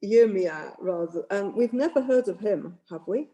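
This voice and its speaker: A woman's voice: medium pitch, animated, unhurried, crowd noise. A woman student asking short, hesitant questions during an online class over a video call.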